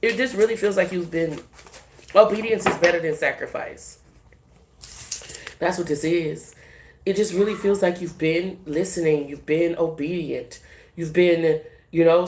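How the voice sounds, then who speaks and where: Cussing woman doing tarot, lowish voice, roomy echo, bit of hiss. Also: moderate pace. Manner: profane, animated, laughing, emphatic. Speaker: tarot reader. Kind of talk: casual spiritual reading. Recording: echoey room with faint hiss.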